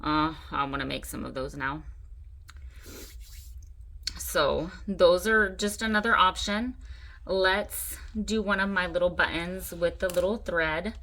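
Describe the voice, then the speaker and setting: Chatty, excitable woman crafter. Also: lowish voice, takes it slowly. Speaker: craft channel host. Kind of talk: casual crafting tutorial.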